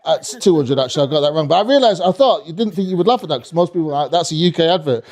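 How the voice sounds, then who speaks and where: A man's voice: on the high side, animated, racing, a little mellow. A man doing a live stand-up routine on a comedy club stage, rambling, swearing and talking to the crowd.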